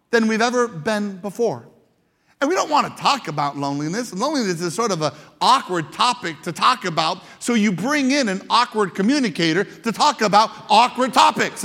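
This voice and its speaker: A high-pitched man delivering a lively church sermon, often repeating words and restarting phrases as he drives his point home. His voice rings out through a large sanctuary with a long, trailing reverb. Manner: animated, repeats words, acts out quoted shouts. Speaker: pastor.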